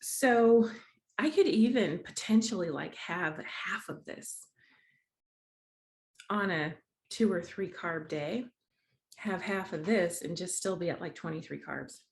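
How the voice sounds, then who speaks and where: A woman's voice: fairly low pitch, slow pace, pauses often. A woman hosting her own diet challenge vlog, talking casually to camera in a chatty, bubbly way, laughing often and restarting her sentences. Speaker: vlogger, host of a diet challenge series.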